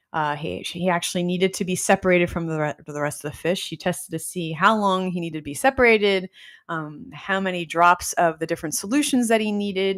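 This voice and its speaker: A woman hosting a casual live stream, telling stories in an excitable, bubbly way and greeting viewers as she goes. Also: fairly low pitch. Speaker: host teaching nutrition testing.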